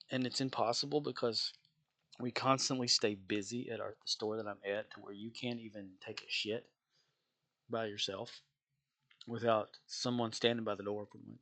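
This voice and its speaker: A man's voice: medium pitch, sharp tone. Worn-out man ranting profanely while gaming. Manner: rambling, profane, exasperated, chuckles often. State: worn out, low energy. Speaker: gaming streamer venting about work. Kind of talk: casual rambling rant while playing a game.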